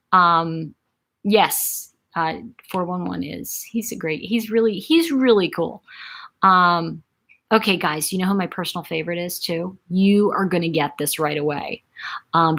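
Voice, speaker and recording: A woman's voice: on the low side, fairly bright tone, low-quality recording. A middle-aged woman hosting a casual live-stream chat, reading out viewer comments with lots of ums and restarts. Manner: chatty, reads out viewer comments, frequent ums and self-corrections.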